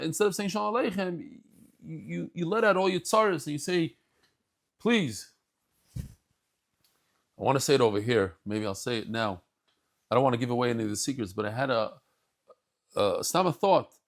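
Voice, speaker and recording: A man giving a daily Talmud lesson, telling the stories in an animated way and mixing English with Hebrew and Yiddish terms. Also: mid-range voice. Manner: animated storytelling, acts out scenes. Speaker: Talmud teacher.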